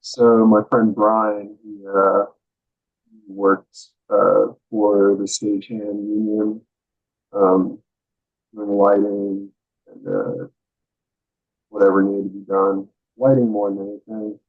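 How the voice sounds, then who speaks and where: A man answering interview questions as a guest, hesitant and soft-spoken with many pauses. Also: on the low side, breathy edge. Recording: phone-like remote call audio.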